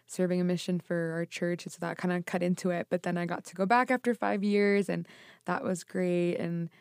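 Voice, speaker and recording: A woman's voice: on the low side, fairly even intonation, fairly quick, a little mellow, clean tone, dry recording, clean studio sound. Chatty young woman. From United States. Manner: chatty, lots of fillers like "like" and "um". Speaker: podcast guest. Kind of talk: casual chat.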